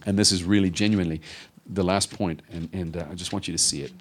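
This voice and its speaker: Animated preacher man, lowish voice. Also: fast, a little hiss or hum. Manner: animated, acts out voices of Bible figures. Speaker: pastor. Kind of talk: sermon.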